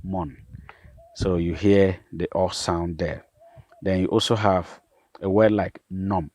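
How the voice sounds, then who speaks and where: A man, a pastor, patiently explaining vowel sounds and repeating each example word slowly. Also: low voice, steady tone, darkish tone, no echo. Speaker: pastor and language teacher.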